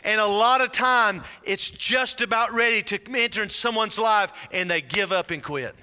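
A man preaching with a very high, piercing bright voice that stays smooth and clear. He stretches out his key words slowly, then presses on with growing fervor. The sound rings with long reverb from a large hall. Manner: preaching with slow drawn-out emphasis and rising fervor. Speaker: pastor. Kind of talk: sermon.

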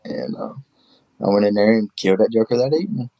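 A man's voice: lowish voice, big pitch swings, fast talker, creaky, mellow, dry recording, poor audio. A man, a guest telling rambling, folksy stories in casual chat, full of fillers. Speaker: guest, hunting show host.

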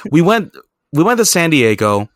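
A man's voice: a little high, very animated, normal speed, dry recording, clean studio sound. A man hosting a podcast, telling travel stories in a rambling, profane, self-mocking way. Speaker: podcast host. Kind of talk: casual storytelling chat.

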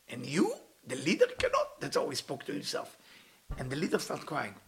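With a fairly high pitch, huge swings in intonation, and a slightly bright tone, this man talks a little fast. He preaches a storytelling sermon as a spiritual teacher in non-native English grammar, staying earnest and sometimes turning impassioned in his pleas.

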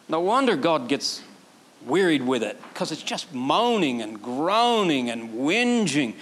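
A man. He is animated and lifts his voice sharply when he acts out quoted prayers. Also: a little high, measured pace. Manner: animated preaching, acting out quoted prayers in a raised voice. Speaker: pastor. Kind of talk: sermon.

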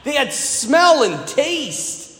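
A man's voice: very high voice, big pitch swings, extremely slow, a bit bright. A man who is a Catholic priest, giving a conversational homily, telling a story with casual asides. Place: large church. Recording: echoey hall with long reverb.

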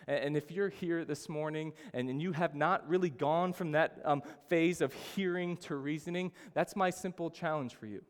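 A man preaching a sermon as a pastor, telling the story with sudden rises in pitch and volume. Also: moderate pace, hardly any pauses. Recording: long hall reverb.

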